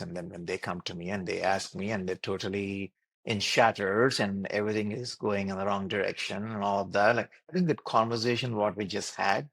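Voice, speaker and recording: A man's voice: on the low side, creaky, no echo. Man, interview guest; earnest and explanatory, dry close mic. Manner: earnest, explains with repeated phrases and lists. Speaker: doctor and wellness program creator.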